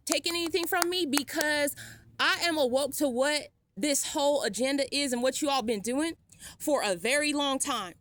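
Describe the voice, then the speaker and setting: A woman's voice: sits high, a bit bright, no room sound. A woman vlogging a defiant, sarcastic rant, blunt and swearing freely. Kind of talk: ranting vlog monologue.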